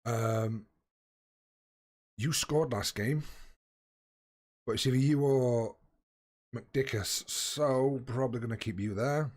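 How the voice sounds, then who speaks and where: A man's voice: medium pitch, slow pace, pauses often, darkish tone. A young man chatting casually with viewers during a live game stream, greeting them by name and swearing freely. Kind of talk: casual live-stream chat while playing.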